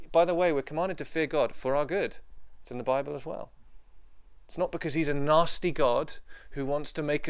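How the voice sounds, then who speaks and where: A man preaching a sermon to a room of listeners, impassioned and emphatic, repeating his points. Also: a little high. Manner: impassioned, emphatic and repetitive, dropping to quiet prayer.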